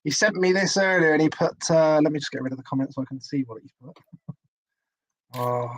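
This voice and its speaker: A man hosting a live interview, relaxed as he reads out viewer comments. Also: on the high side, brisk, no echo, low-quality recording. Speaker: host.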